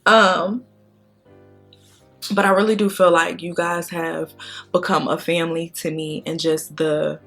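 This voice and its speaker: A woman's voice: on the low side, little pitch movement, a little slow, vocal fry, long pauses, a bit bright, faint music behind. A young adult woman chatting casually and candidly while doing her makeup, swearing freely and crying as she thanks her viewers. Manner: candid, profane, tearful and emotional. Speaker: beauty vlogger.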